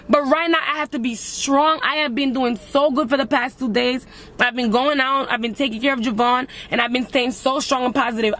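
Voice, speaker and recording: Young woman, emotional vlogger, slightly high voice, confessional and raw. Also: fairly bright tone. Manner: emotional, addresses viewers as guys. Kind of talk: emotional personal vlog.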